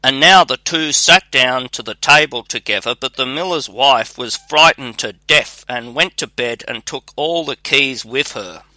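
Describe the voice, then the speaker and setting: A man reads a fairy tale aloud at a slow, measured pace. His tone is very bright and forward. The sound is dry and close to the mic. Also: medium pitch, no echo. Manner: measured, even read-aloud delivery. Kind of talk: storybook narration.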